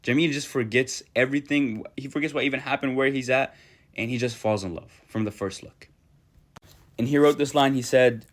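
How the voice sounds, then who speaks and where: A man's voice: medium pitch, normal speed. A man casually retelling an old love story in a slangy, chatty way.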